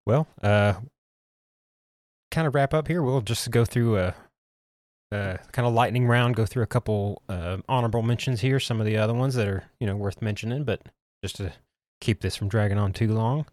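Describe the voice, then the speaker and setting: A man co-hosting a podcast in an easygoing, casual manner, pausing and restarting often. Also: fairly low pitch, darkish tone, no echo, clean studio sound. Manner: easygoing, hesitant with fillers. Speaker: podcast co-host. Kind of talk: casual chat. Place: podcast studio.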